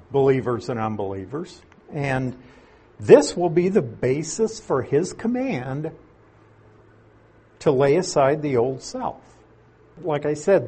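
A man teaching scripture verse by verse, reading passages and then stressing their meaning. His husky voice sits a little high and swings widely in pitch. He speaks slowly and deliberately. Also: darkish tone. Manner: slow, emphatic, reads scripture aloud and explains it. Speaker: Bible teacher.

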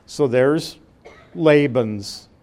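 A man's voice: medium pitch, extremely slow, a little mellow. An older man reading scripture aloud, then explaining it verse by verse in a folksy, conversational way. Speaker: Bible teacher. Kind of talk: verse-by-verse Bible teaching.

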